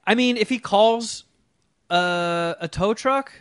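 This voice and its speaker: Man with a high voice, casual profane storytelling, animated impressions, dry studio sound. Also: slow, smooth, no room sound. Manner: animated, profane, mimics people in his story.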